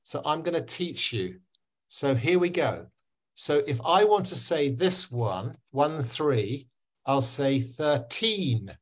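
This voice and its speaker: A man with a slightly raised pitch teaches pronunciation over a video call. He speaks slowly and patiently, repeating each word again and again. The sound is that of a webinar call. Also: animated.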